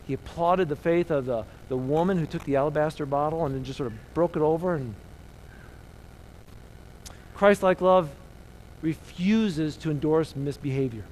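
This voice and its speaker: A middle-aged man preaching a sermon as pastor, swinging between loud emphasis and soft, hushed lines. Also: on the high side, moderate pace, long pauses, a little hiss or hum, rough recording.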